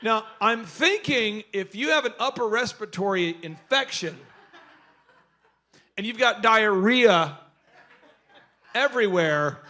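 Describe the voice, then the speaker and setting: A middle-aged man telling jokey stories at a business workshop, asking the audience questions and shouting his punchlines. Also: high-pitched. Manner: animated, jokey, acts out quoted voices. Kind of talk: energetic seminar storytelling to a live audience.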